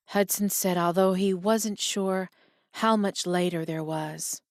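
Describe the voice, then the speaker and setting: A woman's voice: fairly low pitch, dry recording. Woman narrating an audiobook, dry and close. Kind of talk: scripted narration.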